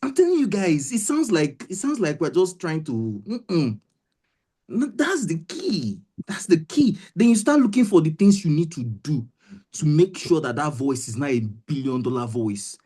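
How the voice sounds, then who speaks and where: A woman's voice: low-pitched, big pitch swings, moderate pace, warm tone, breathy edge. A woman with a Nigerian accent coaching voice actors in a motivational webinar, emphatic and repetitive, often checking that listeners understand. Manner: emphatic, repeats herself, keeps asking "do you understand".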